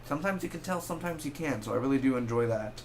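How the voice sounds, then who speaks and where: A man's voice: mid-range voice, slight background noise. A young man giving a casual spoken movie review, rambling and correcting himself as he goes. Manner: rambling, self-correcting, animated with quick asides.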